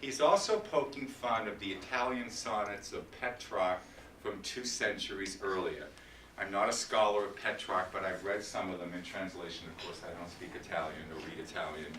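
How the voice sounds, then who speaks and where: A man giving a library lecture on poetry, reciting sonnets slowly and dramatically between chatty asides. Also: deep voice, fairly bright tone. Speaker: literature lecturer. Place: library meeting room. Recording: roomy, distant, faint hiss.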